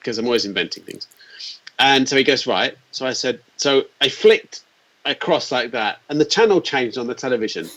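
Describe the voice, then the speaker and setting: A man in his forties telling animated anecdotes as an interview guest, acting out the quotes. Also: mid-range voice, brisk. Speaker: guest, company founder. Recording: dull lo-fi sound.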